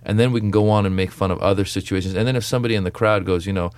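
A man's voice: low voice, rapid-fire, no room sound. A young adult man, a comedian, telling stories and acting out his stand-up jokes in a radio interview. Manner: animated storytelling, acts out jokes. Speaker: comedian guest.

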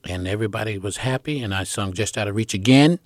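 Lively male storyteller, low and dry. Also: quick pace, no room sound. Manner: animated storyteller who acts out the people in his stories; rambling, with fillers and restarts. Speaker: interviewee recounting his music career. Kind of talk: casual storytelling in an interview.

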